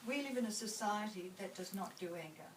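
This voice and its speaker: A woman in the audience asking a question at a talk. She speaks haltingly and trails off mid-sentence. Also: medium pitch, slight background noise, poor audio.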